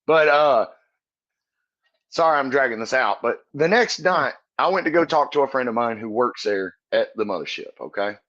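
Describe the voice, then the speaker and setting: A man's voice: mid-range voice, expressive, moderate pace, a bit bright, highs cut off. A comedian guest on a podcast, a man telling stories in a casual, earnest and profane way, often laughing as he talks. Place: Texas.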